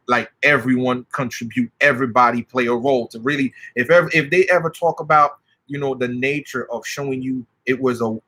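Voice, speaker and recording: A man telling stories as a spiritual practitioner, excitable and swearing freely. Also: mid-range voice. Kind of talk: animated storytelling.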